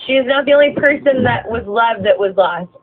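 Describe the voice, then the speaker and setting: A woman bus driver venting about a rough late shift, tired, swearing a lot, her voice cracking with emotion. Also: fairly high pitch, animated, fairly quick. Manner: heavy swearing, exasperated, voice breaking with emotion. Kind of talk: late-night venting rant. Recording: tinny phone-line sound, faint hiss.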